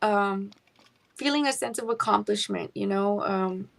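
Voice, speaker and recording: A woman's voice: medium pitch, a little slow, vocal fry. A young adult woman, chatting as a singer-songwriter guest in a radio interview, dropping in Spanish words. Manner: chatty, warm laughter, mixes in Spanish words.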